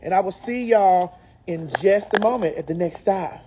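A woman's voice: on the low side, moderate pace, warm tone, slight background noise. A woman with a Southern US accent, a brand ambassador filming a promotional vlog, flamboyant and sassy, calling everyone honey and baby. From Southern United States. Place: out and about on city streets and in a liquor store.

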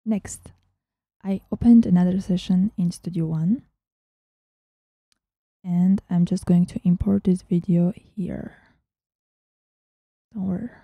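A woman hosting a casual software tutorial, chatting as she works and often dropping into a whisper. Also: fairly low pitch, steady tone, slow pace, pauses often, slightly rough, no room sound. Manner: chatty, thinking aloud, often drops to a whisper. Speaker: tutorial host.

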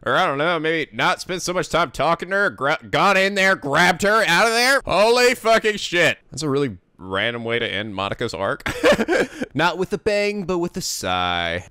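A man giving profane, excitable running commentary while reacting to an anime episode. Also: on the high side, moderate pace, clean tone, no echo, clean studio sound. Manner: excitable, profane, jumps into silly voices.

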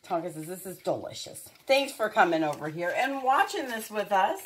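A woman's voice: mid-range voice, very animated, fairly quick. A woman hosting a home pet vlog, talking playfully to her dogs and to viewers. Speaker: vlogger, dog owner.

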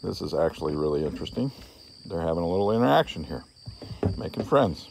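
Low gravelly-voiced man training a dog. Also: fast talker, a little hiss or hum. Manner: calm explaining, breaking into coaxing calls to the dog. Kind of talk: explaining a training session on camera.

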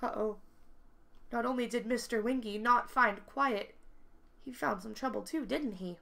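A woman reading a picture book aloud to children, expressive and stopping to ask the listeners questions. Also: a little high, normal speed, creaky. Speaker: children's story reader.

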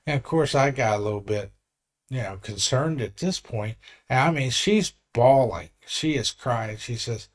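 A man's voice: mid-range voice, lively intonation, unhurried. A man in his sixties, a vlogger telling a story in an earnest, rambling way with frequent restarts. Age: 60s. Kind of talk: casual vlog talk.

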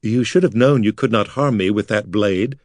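A smooth-voiced, sneering noble lord who savours every threat with theatrical cruelty, as an audiobook narrator puts him on. The voice sits fairly low and sounds close and dry, without room echo. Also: male voice, normal speed, natural voice. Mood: mocking menace. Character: cruel scheming male noble, mocking.

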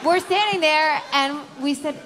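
A woman's voice: high voice, in a large hall, heavy background noise. A woman co-hosting a live comedy show, chiming in to back up her partner's story. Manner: quick interjections backing up the story. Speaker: co-host.

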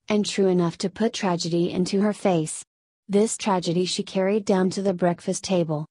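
A woman reading a classic story aloud as narrator, in a measured storytelling manner. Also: fairly low pitch, warm tone, no echo. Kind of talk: scripted narration.

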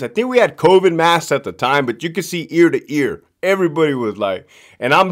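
Animated, profane male storyteller. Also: on the high side. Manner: profane, animated, laughs often; emphatic, repeats punchlines. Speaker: prison guard telling work stories. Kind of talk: casual storytelling monologue.

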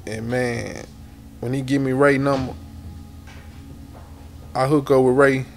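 A man's voice: medium pitch, flat delivery, slow, gravelly, darkish tone. A middle-aged man with a Houston accent, a rapper telling long rambling stories in a casual interview, repeating words and swearing often. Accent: Houston Southern. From Houston, Texas.

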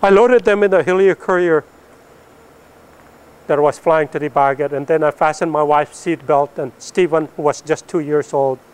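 A middle-aged man from the northern Philippines, telling his story as a missionary pilot in an animated testimony to an audience, growing loud and then falling soft at the ends of lines. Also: a little high, normal speed, clear, resonant tone. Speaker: missionary pilot and Bible translator.

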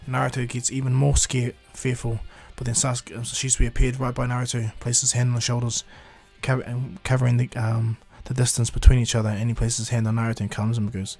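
A man's voice: mid-range voice, level tone, darkish tone, faint music behind. Rambling man telling fan fiction. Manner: rambling, halting with fillers. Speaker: fan storyteller. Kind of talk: improvised fan-fiction narration.

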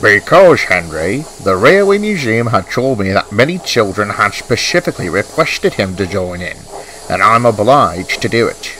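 A man's voice: fairly low pitch, very animated, normal speed, fairly bright tone, a little hiss or hum. A man voicing a stout, stern male railway boss who speaks formally in a storybook reading. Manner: formal, authoritative.

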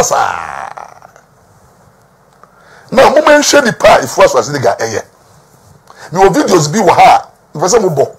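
A man's voice: fairly high pitch, slightly rough. A man with a Ghanaian accent giving emphatic gossip news commentary, repeating words for stress and mixing Twi with English. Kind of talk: talking-to-camera gossip commentary.

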